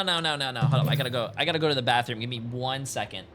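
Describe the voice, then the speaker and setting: A man streaming a game in casual chat, animated and given to mock-dramatic rants. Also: mid-range voice, racing, hardly any pauses. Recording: noisy stream audio.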